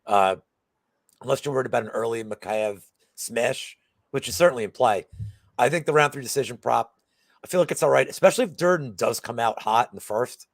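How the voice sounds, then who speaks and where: A man's voice: medium pitch, fairly quick, dry recording. A man co-hosting a betting show in casual chat, rambling with lots of fillers and restarts.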